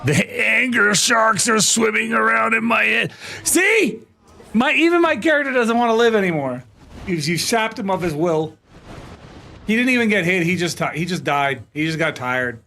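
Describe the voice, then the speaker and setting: A man in his thirties streams a game live, chatting and ranting in playfully dramatic exasperation. His voice is high and animated with vocal fry, at a moderate pace, and loud music plays over it.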